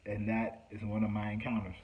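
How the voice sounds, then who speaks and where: A man telling a personal story in an animated way, acting out the people he quotes. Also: on the low side, brisk, narrow, tinny audio. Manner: acts out quotes, shouting and whispering.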